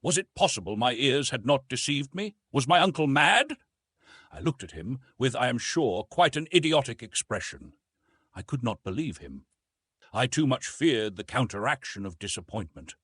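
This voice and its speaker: Husky man narrating an audiobook. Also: mid-range voice, no room sound, clean studio sound. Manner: expressive, measured storytelling. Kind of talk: scripted narration of a classic novel.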